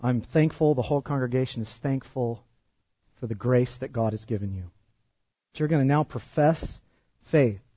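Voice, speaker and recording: A male pastor preaching a sermon, animated and shifting from loud emphasis to hushed intensity. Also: mid-range voice, normal speed, no echo, lo-fi sound.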